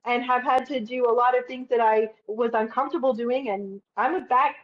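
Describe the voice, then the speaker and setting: Woman guest on a podcast, lively and emphatic, kinda muffled lo-fi audio. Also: on the high side, brisk. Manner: animated, emphatic, swears casually. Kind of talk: casual interview talk.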